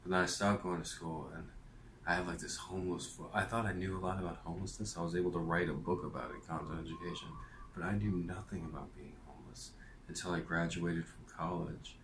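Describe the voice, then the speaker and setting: A man's voice: deep voice, fairly even intonation, a little fast, a bit bright, reverberant, slight background noise. A man telling a rambling personal story in a vlog rant, meandering with lots of fillers and restarts. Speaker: vlogger.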